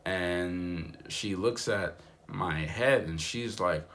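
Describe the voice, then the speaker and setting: In a casual vlog monologue, a young man from the United States speaks very slowly in a low-pitched, slightly bright voice. His delivery is relaxed and meandering, stuffed with fillers, and a little hiss or hum sits under the recording.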